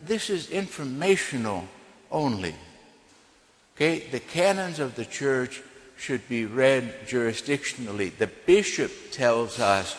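A man, possibly an Orthodox priest, giving an informal teaching talk in an emphatic, animated way and often checking in with "okay". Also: medium pitch. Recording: long reverb of a large hall.

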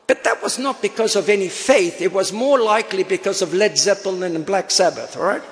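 An older man giving a personal testimony to an audience, with animated storytelling and humorous asides. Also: high voice, fairly quick. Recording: long reverb in a hall.

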